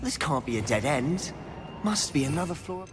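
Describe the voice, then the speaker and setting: A man's voice: fairly high pitch, sing-song, moderate pace. An actor playing a confident young male wizard student companion in video game dialogue. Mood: encouraging. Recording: game audio with music, long reverb.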